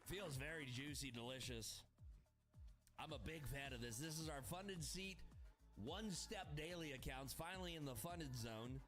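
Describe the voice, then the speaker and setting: A man's voice: on the high side, normal speed, a bit bright, faint music behind. A young man livestreaming his trading, talking casually and crudely with hyped asides to his chat.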